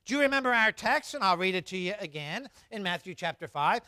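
A man's voice: high-pitched, expressive, brisk, hardly any pauses, bright, forceful tone, no echo, studio quality. A man preaching a sermon, emphatic and repetitive, leading the congregation in repeating lines and reading scripture in old formal wording. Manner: leads congregation in call-and-response. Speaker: pastor.

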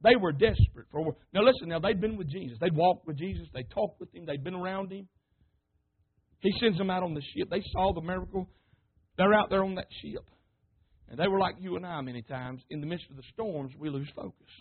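High-voiced fervent preacher. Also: male voice, brisk, slightly rough. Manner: fervent, rising to shouts, addressing the congregation. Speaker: pastor. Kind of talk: sermon. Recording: tinny phone-like sermon recording.

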